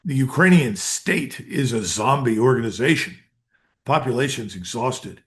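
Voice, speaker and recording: A man's voice: mid-range voice, animated, moderate pace. An older American man and retired colonel, a guest giving blunt, emphatic answers in an interview. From United States. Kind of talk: interview commentary.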